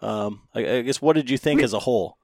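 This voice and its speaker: A man's voice: medium pitch, fairly quick, creaky, a little mellow, no room sound, clean studio sound. A man hosting a podcast, asking casual questions with lots of ums, restarts and light laughs. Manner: hesitant, many ums and restarts, friendly laughs. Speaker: podcast host.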